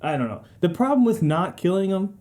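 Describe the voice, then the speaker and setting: A man's voice: high-pitched, sing-song, brisk, a little mellow. A man giving a casual, rambling game ranking commentary, profane, slangy and sarcastic. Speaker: gaming video creator.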